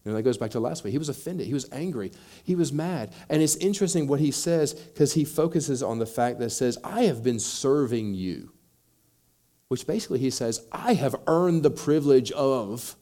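A man's voice: medium pitch, animated, brisk, warm tone. A man preaching a sermon, acting out quoted voices and building in intensity as he makes his points. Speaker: pastor.

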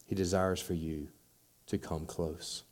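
A man's voice: sits low, steady tone, measured pace. A man preaching a sermon, acting out quoted voices and building in intensity as he makes his points. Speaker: pastor.

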